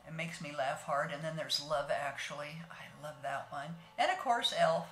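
A woman's voice: sits low, moderate pace, reverberant. A woman in her sixties, chatting casually with viewers as she does her makeup and narrates each step in a homey way. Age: 60s. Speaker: beauty vlogger.

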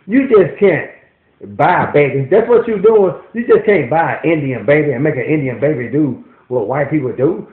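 A man's voice: fairly high pitch, moderate pace. Ranting man, profane and worked up. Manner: profane, animated ranting with repeated restarts. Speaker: vlogger. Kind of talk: ranting commentary to camera. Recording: echoey, tinny phone-like audio.

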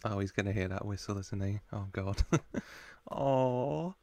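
A man's voice: lowish voice, measured pace, warm tone, dry recording. A man hosting a reaction video, chatting casually and laughing often as he gushes over the characters. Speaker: reaction channel host.

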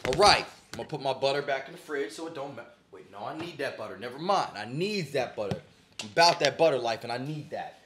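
In this comedic cooking vlog, a young man brags in a swaggering, slang-filled way from his home kitchen. He speaks in a mid-range voice, animated and quick. The room is echoey, with a faint hum of noise.

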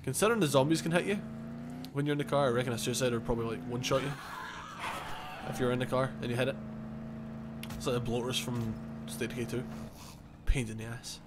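A man's voice: medium pitch, fast talker, long pauses, background noise. Easygoing man rambling through a game. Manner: rambling, self-correcting, chuckles often. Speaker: gaming channel host. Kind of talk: casual let's-play commentary.

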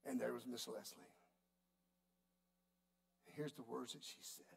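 A man preaching a sermon, telling a story in a folksy, animated way. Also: mid-range voice, a little slow, vocal fry. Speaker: pastor.

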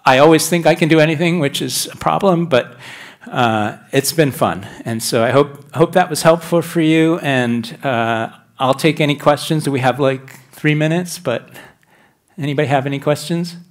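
A man's voice: a little high, moderate pace. Chatty man giving a conference talk. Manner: chatty and self-deprecating, with many restarts. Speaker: conference speaker. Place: large conference hall.

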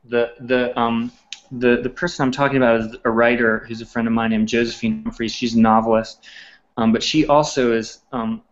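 A man from Charleston, a cookbook author guest, chatting casually with many restarts, fillers and chuckles. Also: medium pitch. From Charleston, South Carolina, US. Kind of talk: casual chat. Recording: lo-fi live stream audio.

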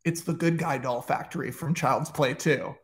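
A man with a high voice tells a film pitch with enthusiasm. He swears casually and jumps between narrating scenes and adding his own asides. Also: normal speed. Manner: excitable, profane and enthusiastic. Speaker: storyteller retelling a film pitch. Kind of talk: animated comic retelling.

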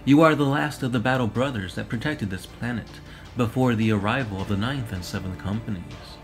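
A man's voice: medium pitch, brisk, over music, lightly acted. A solemn, commanding warrior-priest, as a man reads him. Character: stern armored space knight chaplain, commanding elder.

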